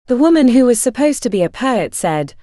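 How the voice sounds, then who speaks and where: A woman narrating a literary story in the first person, in a measured storytelling manner. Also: a little high, sing-song, mellow, no room sound, studio quality.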